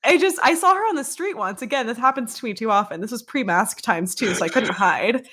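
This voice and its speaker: A woman's voice: fairly high pitch, expressive, a little fast, a bit bright. A young American woman, a podcast guest, telling candid anecdotes in casual chat and laughing often. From United States.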